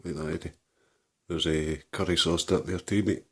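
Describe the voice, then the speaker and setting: A man's voice: sits low, fairly even intonation, moderate pace. A man casually talking to a rescued seagull in a home video, affectionately calling it mate and buddy. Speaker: vlogger caring for a rescued seagull.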